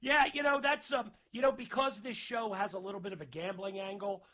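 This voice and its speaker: Radio host guy, high sharp voice, laughing and teasing his buddy. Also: steady tone, fairly quick. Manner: laughing, chummy, ribbing his guest. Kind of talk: casual radio interview.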